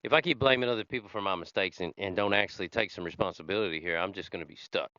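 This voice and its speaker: A podcast host with a deep, bright, forceful voice races through his own recovery story, rambling conversationally and using many fillers. There's no room sound, though the lo-fi recording is slightly dull.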